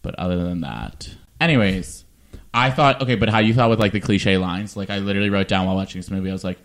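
A man hosts a casual chat, animated and full of quick asides. His voice sits somewhat low. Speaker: podcast host.

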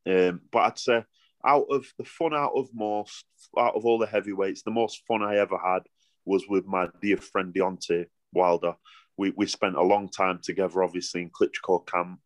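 Rambling Yorkshire man, low and dry. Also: steady tone, moderate pace, no room sound. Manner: rambling, many restarts, broad dialect. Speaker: boxer, interview guest. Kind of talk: casual interview storytelling.

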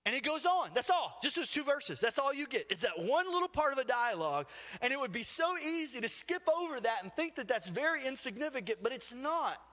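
High, bright-voiced preacher in a hall. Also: male voice, brisk. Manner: storytelling, animated retelling with acted quotes. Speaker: pastor. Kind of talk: sermon.

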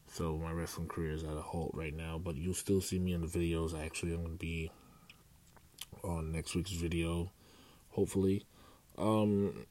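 A man's voice: low-pitched, a little mellow. A young man rambling through a casual solo podcast, with many fillers and restarts. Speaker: podcast host.

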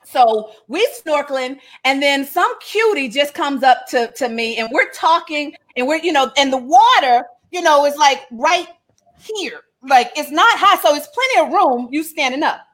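Brief: woman vlogger, high voice, animated casual storyteller who laughs through it. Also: normal speed. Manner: animated, laughing, acts out dialogue. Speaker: vlogger telling a family story.

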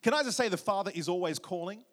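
A man preaching a sermon, warm storytelling with jokes and questions to the congregation. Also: high voice, animated, fast talker. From Australia. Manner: humorous, audience-engaging storytelling. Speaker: guest preacher.

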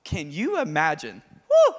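A man preaching a sermon in a chatty, animated way, laughing between lines. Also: fairly high pitch, a little slow. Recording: long hall reverb.

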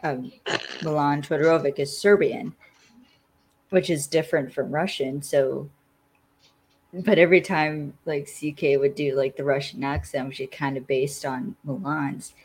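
A woman's voice: low-pitched, steady tone, measured pace, a little mellow, breathy edge. A woman hosting a casual podcast, recapping a TV episode in a chatty way, laughing often and sounding a little tired. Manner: chatty, laughs often, trails off mid-sentence. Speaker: podcast host.

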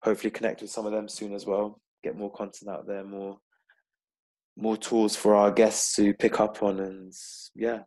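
A man hosting a casual interview, talking in a relaxed, rambling way with plenty of fillers. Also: lowish voice, moderate pace. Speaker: podcast host. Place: London-based.

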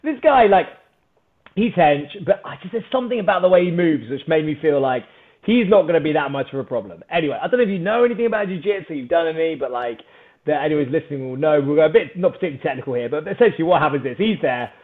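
A man, a podcast guest, telling a story in a casual, animated, self-mocking way and laughing often. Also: a little high, fast talker. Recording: phone-like narrow band.

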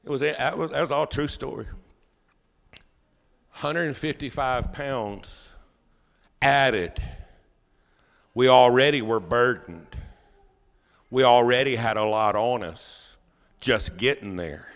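A man pastor preaching a sermon as a folksy, animated storyteller. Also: medium pitch, slow, long pauses, long reverb tail. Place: church sanctuary.

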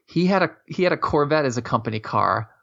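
A man's voice: fairly high pitch, animated, fast talker, gravelly, a bit bright. A man telling long casual stories in a rambling way, with many restarts and casual swearing. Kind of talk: casual storytelling chat. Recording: dull lo-fi audio.

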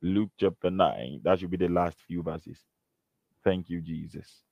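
A man delivers an earnest, emphatic sermon, quoting scripture. His voice sits very low. The recording is dry and slightly dull. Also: a little slow, vocal fry, no room sound. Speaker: preacher.

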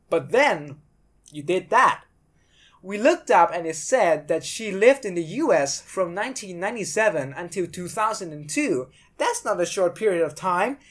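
A woman hosting a podcast, giving blunt, sarcastic commentary and swearing freely. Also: medium pitch. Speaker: podcast host.

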